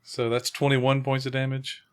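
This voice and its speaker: A man's voice: medium pitch, monotone, normal speed, clean tone. A man playing a tabletop role-playing game, talking in a rambling, hesitant way with many fillers. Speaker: player. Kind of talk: casual tabletop play.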